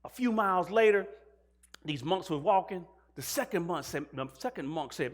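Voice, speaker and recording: A man's voice: sits high, animated, normal speed. A male pastor preaching a sermon, asking the congregation questions and mixing in jokes. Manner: call-and-response questions to the congregation.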